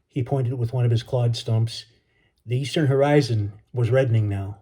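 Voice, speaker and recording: An author and educator reads a chapter of his own novel aloud, easy and relaxed, opening with a casual greeting. His voice is mellow and dark at an average pitch, and he speaks a little fast.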